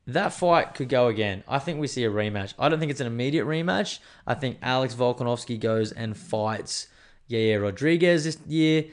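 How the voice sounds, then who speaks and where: A man hosting a podcast, rambling in a loose, chatty way and swearing freely. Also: mid-range voice. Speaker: podcast host. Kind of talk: casual chat.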